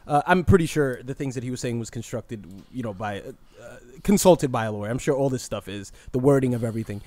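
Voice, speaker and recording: A man co-hosting a comedy podcast, chatting casually with quick, profane wit. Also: medium pitch, darkish tone, no room sound. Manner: quick-witted, laughing, profane. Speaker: podcast co-host.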